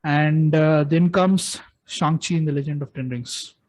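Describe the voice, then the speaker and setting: A man in casual chat, giving excited, rambling opinions with frequent restarts as he ranks films. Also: fairly high pitch, measured pace, rough recording. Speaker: co-host ranking films.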